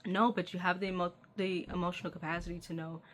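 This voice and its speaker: A woman's voice: fairly low pitch, level tone, fast talker. A woman giving a channeled tarot reading, speaking straight to the listener in an earnest, affectionate way. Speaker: tarot reader.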